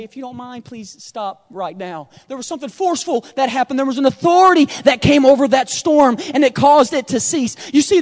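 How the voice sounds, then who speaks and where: A male pastor preaching a sermon in a church sanctuary, swinging from hushed storytelling to loud, shouted exhortation. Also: very high-pitched. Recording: long hall reverb.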